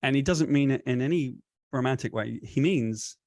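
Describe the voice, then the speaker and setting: A man in an interview spins a long, winding anecdote, circling back and correcting himself as he talks. His voice sits in an ordinary middle pitch, recorded close and dry with no room sound. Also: fairly quick, no room sound. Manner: rambling, animated retelling with self-corrections. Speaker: comic book writer, guest. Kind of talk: storytelling interview answer.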